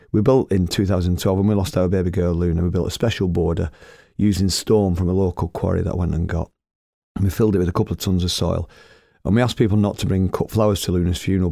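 Manc bloke rambling through a story, low gravelly voice, chuckles at himself, dry close sound. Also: male voice, dark tone, no room sound. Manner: rambling, chatty, laughs at his own tales. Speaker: storyteller and former radio host. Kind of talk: casual anecdotal storytelling.

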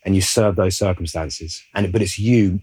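A man with a low, husky voice speaks thoughtfully and pauses to search for the right words. He is an actor holding a relaxed interview conversation. The sound is close and dry. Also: no room sound, poor audio.

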